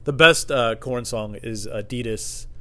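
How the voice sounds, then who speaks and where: A man's voice: medium pitch, measured pace, fairly bright tone. A man hosting a podcast in a casual comedic monologue, rambling, swearing a lot and laughing at his own stories. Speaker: podcast host.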